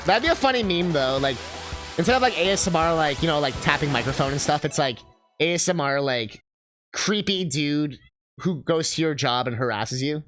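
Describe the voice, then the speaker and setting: Animated rambling male streamer over game music. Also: on the high side, moderate pace. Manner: rambling, filler-heavy, swears freely. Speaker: livestreamer. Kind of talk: casual chat while playing a game.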